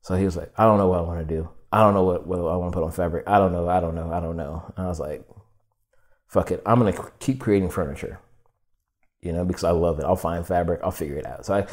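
Low-voiced young guy on a podcast, rambling storyteller, swears a lot, acts out quotes. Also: fast talker. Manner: animated, swearing, acting out quotes with many "like"s. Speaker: podcast guest, furniture designer. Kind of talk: casual storytelling interview.

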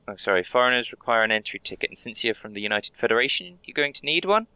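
A young man talks through a game as a polite, relentlessly cheerful border inspector, chatting to characters and muttering asides. His voice is bright and edged with gravelly fry, and his pitch swings widely as he talks. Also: expressive, fast, dry recording. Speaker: gamer playing a border inspector. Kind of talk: role-play let's play commentary.

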